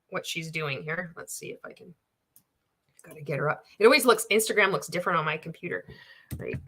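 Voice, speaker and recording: Female livestream host, bright and forceful tone, candid, profane commentary. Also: medium pitch. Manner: blunt, swears freely, reads out chat comments; candid and animated, laughs often.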